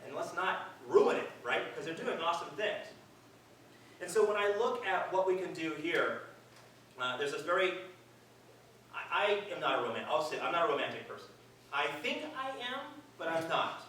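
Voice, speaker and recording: A man's voice: fairly high pitch, very animated, moderate pace, bright, forceful tone, a little hiss or hum. Man speaking in a very echoey hall. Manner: conversational, earnest with dry self-mocking humor. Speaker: event speaker. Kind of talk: public speech to an audience. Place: large hall at a live event. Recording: very echoey hall, distant mic.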